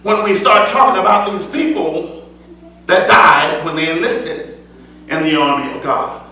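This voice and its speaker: High-voiced man preaching in an echoey church. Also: animated, a little slow, recorded from a distance. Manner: emphatic preaching with repeated phrases; swings between loud declaiming and soft asides. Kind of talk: sermon. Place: church sanctuary.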